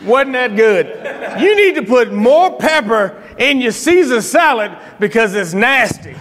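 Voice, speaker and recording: A man's voice: very high-pitched, very animated, a little slow, fairly bright tone, voice pushed up, exaggerated voice. A man voicing his blunt, straight-talking older father who scolds people plainly, heard with a long hall reverb.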